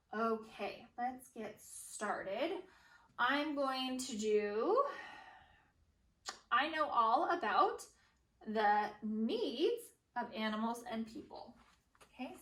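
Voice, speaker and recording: A woman teacher modeling informational writing for young children, speaking slowly and saying each word aloud as she writes it. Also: on the high side, a bit bright, recorded from a distance. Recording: echoey room, voice a bit off-mic.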